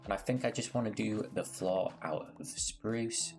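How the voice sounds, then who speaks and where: A man's voice: lowish voice, measured pace, vocal fry, over music. A man giving casual gameplay commentary as a gaming creator, playful, rambling and self-mocking.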